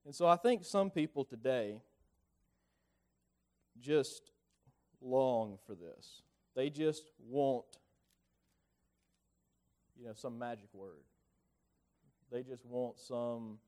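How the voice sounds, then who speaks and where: A man's voice: medium pitch, lively intonation, slow pace, long pauses, mellow. A man with a rural Southern US accent preaching a conversational sermon, often repeating and restarting his words.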